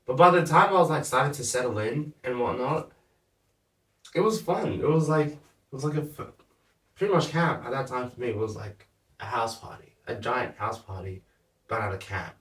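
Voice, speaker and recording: A young man, a podcast guest, chatting casually with a relaxed, laughing manner and a lot of "like". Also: mid-range voice, moderate pace. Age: young adult. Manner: laid-back, laughs often, lots of "like". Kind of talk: casual chat. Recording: echoey room, mic at a distance.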